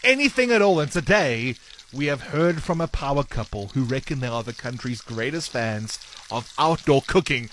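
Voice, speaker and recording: A man hosting a radio breakfast show, running a quiz with energetic, playful banter. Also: medium pitch, normal speed, a little hiss or hum. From South Africa.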